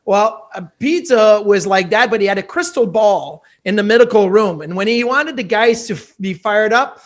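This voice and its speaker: A middle-aged man, a former hockey goalie guesting on a podcast, reminiscing in a relaxed, rambling way. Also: sits high, moderate pace. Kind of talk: casual chat, reminiscing.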